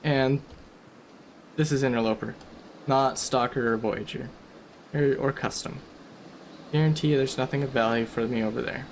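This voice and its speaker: A man's voice: mid-range voice, fairly even intonation, normal speed, long pauses, slight background noise. A man giving casual, rambling commentary over a survival game, chatty and self-deprecating.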